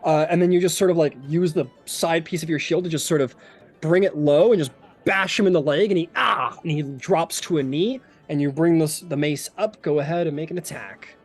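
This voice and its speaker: A man's voice: fairly high pitch, brisk, darkish tone, faint music behind. A man narrating a tabletop game as game master, in a loose, rambling way with lots of fillers.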